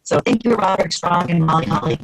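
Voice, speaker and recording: Animated woman telling stories. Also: fairly low pitch, moderate pace, poor audio. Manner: animated, acts out quotes, many fillers like "you know what I mean". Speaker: retired pro wrestler guest. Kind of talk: casual interview storytelling.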